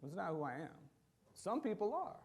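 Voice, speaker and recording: A man preaching in a church, his voice gravelly with a touch of fry and pitched a little high for a man. He delivers the sermon in a loose, conversational way, animated and fond of acting out little quotes. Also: normal speed, slight background noise. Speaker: pastor.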